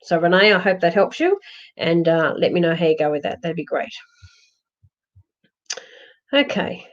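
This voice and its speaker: A woman's voice: lowish voice, lively intonation, normal speed. A woman giving psychic readings on a live stream, reassuring and rambling, with many fillers and restarts. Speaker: psychic medium. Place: home, during a lockdown. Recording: dull lo-fi livestream audio.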